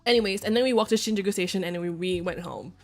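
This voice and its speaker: A woman's voice: medium pitch, fast talker, soft background music. A young woman streamer chatting casually and telling stories with lots of giggles and quoted voices. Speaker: vtuber streamer. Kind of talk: casual chat.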